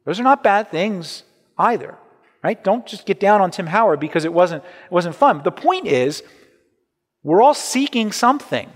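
Preaching at normal speed, a man with a slightly high voice sways through his sermon as if chatting with the congregation, doubling up words and slipping in "right?" The long reverb of a big church hall rings around him.

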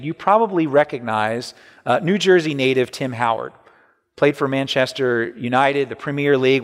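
A man with a slightly high voice preaching in a lively, swinging way. He talks to the congregation like a conversation, repeating words and tossing in "right?" His voice rings with the long reverb of a large church hall. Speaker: pastor. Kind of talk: sermon.

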